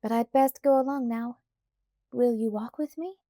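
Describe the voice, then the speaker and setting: A woman's voice: on the high side, moderate pace, warm tone, no room sound, clean studio sound, natural voice. A woman voicing a bold, spirited colonial girl who speaks with confidence in a lightly raised voice. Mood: friendly.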